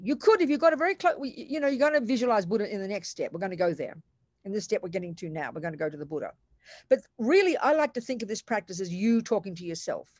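A woman's voice: on the high side, no echo. Older Australian woman, Buddhist nun, emphatic and blunt dharma teacher, dry close recording. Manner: animated, emphatic, blunt and colloquial. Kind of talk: dharma talk to a class.

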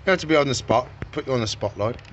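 A man's voice: mid-range voice, racing, highs cut off, a little hiss or hum. A man running a reptile shop vlog, chatting casually and baby-talking to the animals. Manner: playful, baby-talks to animals. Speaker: reptile shop owner and vlogger. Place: pet shop.

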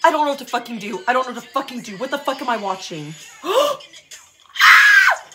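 Young woman vlogger, bright and animated, swears a lot, gasps and shrieks, faint music behind. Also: on the high side, racing. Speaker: YouTuber reacting to a music video. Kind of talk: excited reaction vlog.

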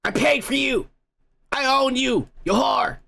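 A man putting on the voice of an enraged rich music mogul who shouts insults. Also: very high-pitched, brisk, voice pushed up. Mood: furious.

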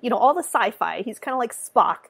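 A woman's voice: fairly high pitch, animated, brisk, creaky, fairly bright tone, slightly rough. Sing-song woman telling a story. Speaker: author guest. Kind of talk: casual chat.

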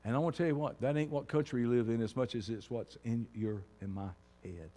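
A man preaching a sermon as pastor, moving from quiet talk to shouting. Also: mid-range voice, a little fast, long reverb tail.

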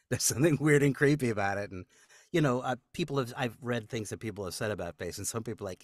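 Animated male voice actor telling stories. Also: medium pitch, fast, dry recording, clean studio sound. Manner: animated storyteller, acts out quotes, laughs often. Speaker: voice actor guest. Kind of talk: casual interview storytelling.

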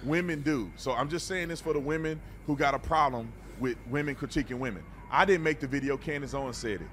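A man's voice: medium pitch, fast, fairly bright tone, slight background noise. A man hosting a reaction video, talking bluntly and animatedly in a preachy, casual way and often repeating words.

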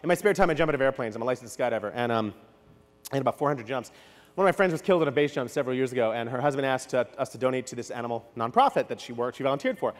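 A man from New York giving a conference keynote talk, telling stories with quick asides and acting out what people said. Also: mid-range voice. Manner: animated, storytelling with quick asides and acted-out quotes. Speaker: keynote speaker. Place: large hall. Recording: long hall reverb.

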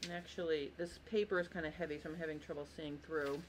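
A woman with a low, steady voice talks fast over slight background noise. She's a sewing instructor hosting a live tutorial, chatty and apologetic, greeting viewers by name as she shows them how to trace a pattern. She sounds tired and keeps yawning.

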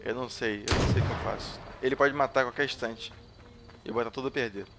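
Man, Brazilian accent, gaming commentary, excitable, jokey, swears a lot, mid pitch, faint noise. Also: very fast, creaky. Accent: Brazilian Portuguese. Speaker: gaming YouTuber. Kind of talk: gameplay commentary to viewers.

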